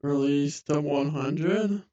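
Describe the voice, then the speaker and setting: A man's voice: a little high, slow, warm tone, lo-fi sound. A man repeating instructions back while testing his microphone during a casual stream. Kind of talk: casual live-stream chat.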